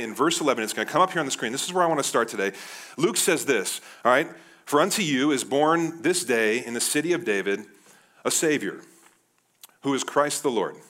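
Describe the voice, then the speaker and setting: Male pastor, thirties, lively sermon delivery, mid-pitched voice. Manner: animated, addresses the crowd as guys.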